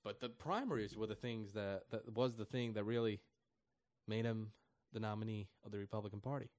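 A man giving an animated political commentary rant. He swings from loud and emphatic to soft, and jumps high when he mocks other people's voices. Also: fairly quick, no echo, studio quality.

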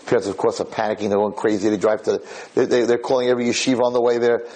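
A man, a rabbi lecturer, giving a sermon through an animated, dramatic story told with quick restarts. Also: lowish voice, poor audio.

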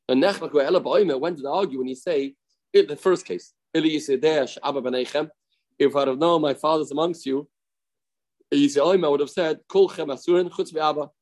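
A man's voice: a little high, darkish tone, rough recording. Man teaching a daily Talmud lesson. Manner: explains a text and acts out the cases in it; repeats key phrases for emphasis.

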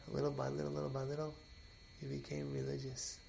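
A man teaching a Torah class as an animated storyteller who repeats and restarts his phrases. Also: medium pitch, fast, creaky, slight background noise.

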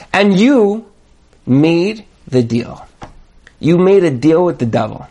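A man giving a sermon on marriage, telling parables dramatically and building to emphatic, near-shouted points. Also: high voice, sing-song, slow pace. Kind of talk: sermon with storytelling.

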